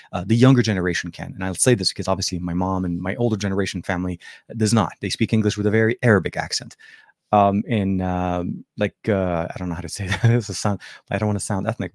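A man's voice: fairly low pitch, no room sound, studio quality. A man from Lebanon hosting a tech show, chatting casually and answering viewer questions with many fillers and restarts. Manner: rambling, lots of fillers and restarts.

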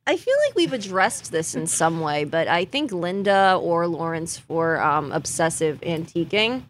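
A woman's voice: fairly low pitch, animated, measured pace, a little hiss or hum. A woman co-hosting a comedy podcast in casual chat, hesitant and trying to steer things back to the question. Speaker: podcast co-host.

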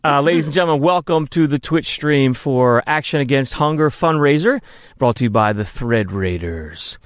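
A man's voice: medium pitch, lively intonation, normal speed, no room sound, studio quality. A man hosting a live-streamed podcast, chatting casually and asking rambling, self-mocking questions. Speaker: podcast host.

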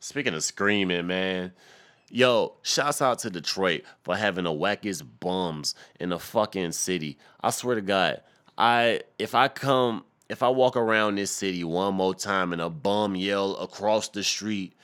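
A young man hosting a podcast, ranting and swearing in a loud comedic tirade, stuttering and repeating words as he goes. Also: low voice, unhurried. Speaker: podcast host. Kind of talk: profane comedic rant.

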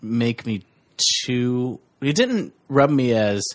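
A man's voice: mid-range voice, very animated, slow, darkish tone. A man co-hosting a casual podcast, chatting about a film, rambling and laughing often. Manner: rambling, quotes lines in a mock voice, laughs often. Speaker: podcast co-host.

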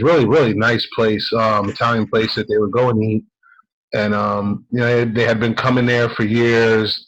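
A man's voice: on the low side, fairly bright tone, highs cut off. A man telling a story in a casual, rambling way as a podcast host.

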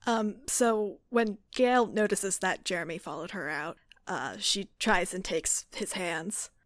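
A woman's voice: medium pitch, measured pace, no room sound. A woman describes her character's actions during a tabletop role-play. She hesitates often with fillers, and the recording is dry and close. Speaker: player. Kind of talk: narrating a tabletop game.

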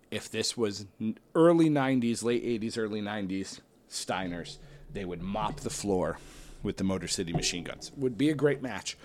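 A man casually commentating and thinking aloud while ranking tag teams, weighing options with excited outbursts and playful asides. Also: lowish voice. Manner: self-deprecating, playful asides. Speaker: host ranking a wrestling tag team bracket.

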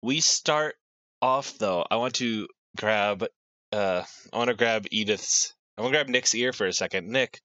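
A game master speaking slowly in a bright, animated voice, playful and blunt in podcast banter. The recording is dry and close. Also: medium pitch, dry recording, dull audio. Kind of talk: actual-play podcast chat.

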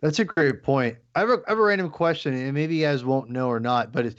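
A man hosting a casual watch-along chat, animated and playful, often repeating himself. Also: medium pitch, quick pace, highs cut off.

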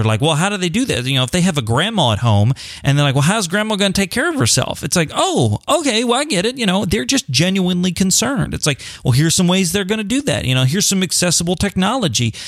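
Young man, animated, lively pitch, slightly high voice, dry close sound, acts out quotes. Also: fairly quick, no room sound. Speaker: blind advocate speaking on sight loss. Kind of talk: casual solo talk to camera.

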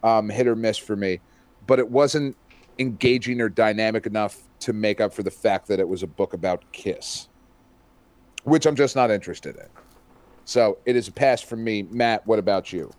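A man's voice: lowish voice, normal speed, dry recording. A man co-hosting a casual comic review chat, swearing freely and laughing often. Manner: profane, animated, laughs often. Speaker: podcast co-host reviewing comics.

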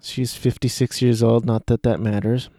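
A man's voice: medium pitch, flat delivery, moderate pace, mellow, dry recording, studio quality. A man hosting a casual solo podcast, talking through a movie he watched, rambling and hesitant with many restarts. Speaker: podcast host.

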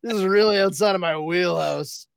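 A man co-hosts a podcast in loose casual chat, rambling, profane and quick to riff. His voice sits a bit high, and the sound is dry and close. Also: creaky, smooth, dry recording. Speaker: podcast co-host.

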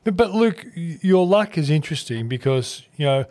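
A man's voice: fairly high pitch, lively intonation, normal speed, darkish tone. Male podcast host asking from off-mic. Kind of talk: interviewer prompting a guest.

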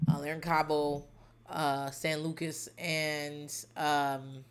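Podcast host, female, low-ish voice, loose, profane, wry storyteller. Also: flat delivery, slow pace, smooth. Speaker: podcast host recapping a reality dating show. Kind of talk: casual chat.

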